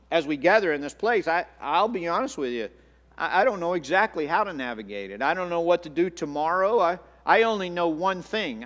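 A man's voice: a little high, fairly bright tone. Earnest male pastor in a reverberant hall. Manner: earnest, repeats words, restarts phrases. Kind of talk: sermon. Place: church sanctuary.

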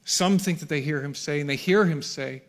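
In a church hall, a middle-aged male pastor preaches at a normal speed in a slightly high voice. His sermon to the congregation shifts from quiet, almost whispered lines up to shouted climaxes.

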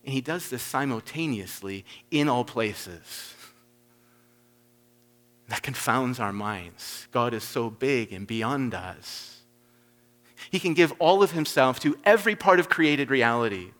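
A man preaching a sermon, emphatic, swinging between loud stressed points and soft low asides. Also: animated, measured pace, long reverb tail.

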